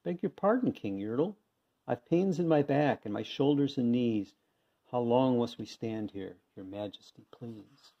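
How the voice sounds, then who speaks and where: Meek weary little turtle, man doing the voice, begging softly, muffled recording. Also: medium pitch, animated, unhurried. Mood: timid. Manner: pleading, groaning. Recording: dull lo-fi sound.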